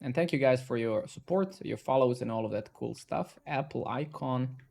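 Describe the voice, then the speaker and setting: With vocal fry on a medium-pitched voice, a man talks at normal speed during a live coding session. Casual and self-directed, he also addresses viewers, swearing and exclaiming excitedly when things work.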